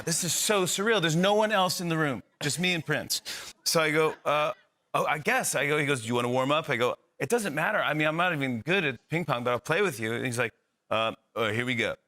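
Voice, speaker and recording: A man's voice: on the high side, moderate pace. A middle-aged man telling a comic anecdote as a talk show guest, acting out the voices of the people in it. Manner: animated storyteller acting out the other voices.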